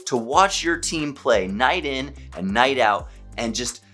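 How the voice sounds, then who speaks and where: A man who is a hockey fan vlogger, giving an excited solo game recap, emphatic and stumbling over his words when worked up. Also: medium pitch, takes it slowly, faint music behind.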